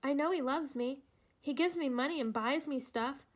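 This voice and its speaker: A woman's voice: high voice, normal speed, pitched above the performer's own voice, lightly acted. A woman reading aloud and voicing a timid, frightened young girl who talks in a pleading, apologetic, tearful way.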